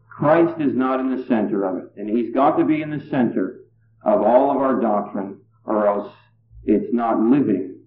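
A man preaching a sermon, explaining a Bible passage in a measured way with emphatic rises. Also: medium pitch, slight background noise. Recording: echoey tinny lo-fi recording.

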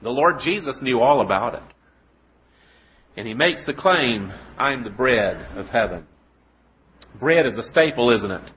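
A man preaching a sermon, telling a story, then reading scripture slowly with emphasis and asking rhetorical questions. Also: mid-range voice, lively intonation, slight background noise. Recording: dull lo-fi recording.

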